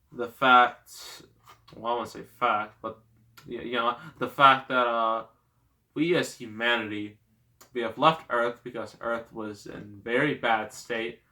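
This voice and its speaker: A man's voice: mid-range voice, bright, forceful tone. A man giving a casual, rambling movie review, sarcastic, with lots of fillers.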